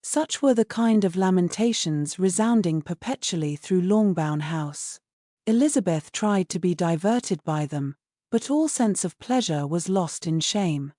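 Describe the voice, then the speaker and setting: A woman narrating a classic novel audiobook in a measured, even manner. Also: fairly low pitch, no room sound, clean studio sound. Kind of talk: scripted narration.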